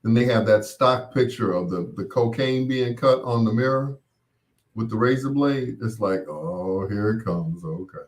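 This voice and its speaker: A man's voice: mid-range voice, normal speed. A man hosting a late-night radio show, chatting in a laid-back way with wry asides.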